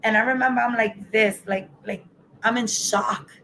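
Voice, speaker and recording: This woman's voice sits a little high, with fairly even intonation, a normal pace and a fairly bright tone, over slight background noise on a rough recording. As a guest in an interview, she shares her personal story openly, voicing the dialogue she once had.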